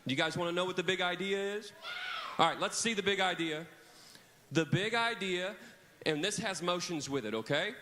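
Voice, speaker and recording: Animated man preaching to children. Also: high voice, normal speed, slight background noise. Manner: animated, leads call-and-response with kids. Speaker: camp preacher. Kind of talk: children's sermon. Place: large church hall with children. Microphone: handheld microphone.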